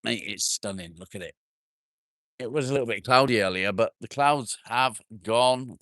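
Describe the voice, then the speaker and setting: A man's voice: medium pitch, moderate pace, a bit bright, no room sound, studio quality. A man hosting a casual live stream outdoors in his garden, bantering with viewers, joking, and swearing now and then. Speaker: livestream host.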